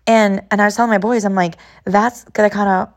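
A woman's voice: medium pitch, fairly even intonation, a little fast. Thirtysomething woman from california, podcast host, earnest heartfelt storytelling, keeps repeating herself. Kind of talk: personal storytelling monologue.

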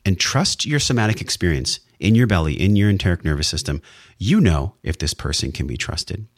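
A man's voice: sits low, lively intonation, brisk, no echo, clean studio sound. A man hosting a wellness podcast, speaking in an earnest, heartfelt monologue with emphatic, sometimes profane emphasis. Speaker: podcast host.

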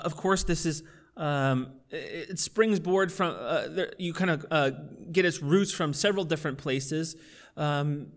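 Casual, chatty man preaching a sermon. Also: sits high. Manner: conversational, many fillers, rising intensity. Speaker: pastor.

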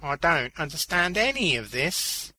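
A man's voice: medium pitch, animated, slow pace, bright, forceful tone, no echo, voice pushed up. A man playing a bewildered, moaning clown.

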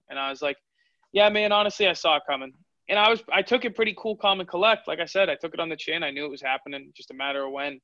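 A man's voice: fairly high pitch, quick pace, sharp tone, no room sound. A man in his twenties, a fighter, telling his story candidly in an interview. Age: 20s. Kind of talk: interview answers. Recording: dull lo-fi audio.

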